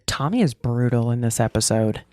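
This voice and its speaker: A woman co-hosting a podcast, recapping a TV episode in casual, animated chat. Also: rumbling low. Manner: animated, with quick bursts and sung imitations. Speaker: podcast co-host.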